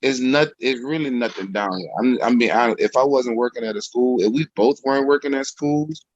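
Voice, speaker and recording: A man's voice: mid-range voice, brisk, dry recording. A man with a New Orleans accent tells stories in a loose, slangy way as a podcast co-host. His voice sits in a middle register, and the sound is slightly dull and dry. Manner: relaxed storytelling, slangy. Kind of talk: casual chat.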